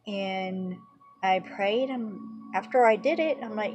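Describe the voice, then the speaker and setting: A woman's voice: mid-range voice, slow pace, music in the background. A woman giving an earnest religious teaching, retelling her own prayers and quoted conversations as testimony.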